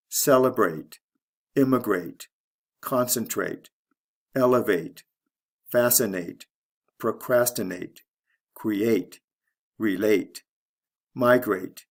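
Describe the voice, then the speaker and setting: A man teaching English, slowly reading out vocabulary lists word by word with clear enunciation. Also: fairly low pitch. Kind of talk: slow deliberate vocabulary drill.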